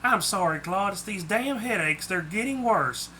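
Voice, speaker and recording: A man's voice: high-pitched, animated, moderate pace, bright, forceful tone, slight background noise. A man voicing a young female lamia with a snake tail, speaking in a raised voice. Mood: pained.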